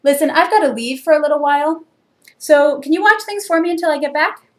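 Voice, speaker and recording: A woman voicing a friendly male bus driver in a picture book read-aloud, in a bright, chatty and brisk manner. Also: high-pitched, voice pushed up. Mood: cheerful. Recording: echoey room.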